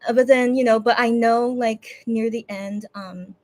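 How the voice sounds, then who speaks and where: Slightly high with a steady, darkish tone and a somewhat slow pace, a woman hosting a fan watch party chats tearfully with her viewers. On the verge of crying, she rambles, often restarting and filling gaps with fillers.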